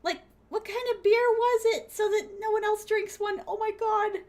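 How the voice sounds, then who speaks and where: A woman's voice: extremely high pitch, fairly even intonation, normal speed, darkish tone. A young adult woman streaming a game, chatting casually with viewers in a bubbly, giggly way, full of fillers and sudden squeals, calling her audience pet names. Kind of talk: casual chat while gaming.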